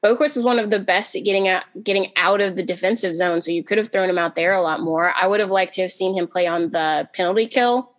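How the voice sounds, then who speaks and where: A woman on a podcast panel in casual chat, talking in quick bursts with frequent restarts and fillers. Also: mid-range voice. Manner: talks fast in bursts with many restarts and fillers.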